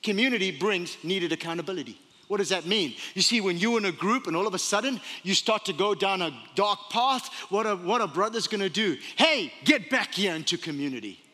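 A man's voice: high-pitched, brisk, hardly any pauses, bright, forceful tone. Guy pastor preaching hard, lots of rhetorical questions, long echo off the church hall. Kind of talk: sermon. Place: church sanctuary.

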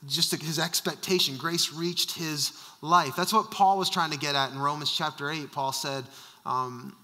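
A man's voice: fairly high pitch, fairly even intonation, measured pace, pushed and bright, long reverb tail. A male senior pastor preaching a sermon, emphatic and fond of rhetorical questions.

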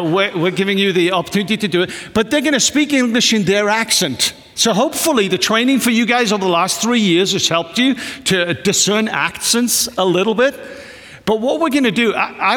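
A pastor in a church hall introduces guests to his congregation during a service, conversational and joking. His voice is high and a bit bright, and the recording carries a long hall reverb.

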